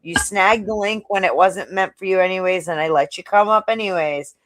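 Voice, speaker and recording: A woman's voice: medium pitch, a little fast, no echo. Firm woman moderating a live-stream panel, dry sound. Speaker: panel host.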